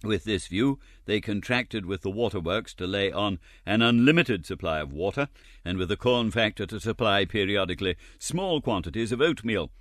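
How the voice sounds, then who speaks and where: A man reading a classic novel aloud as an audiobook narrator, expressive and wry. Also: lowish voice, moderate pace, dry recording, clean studio sound.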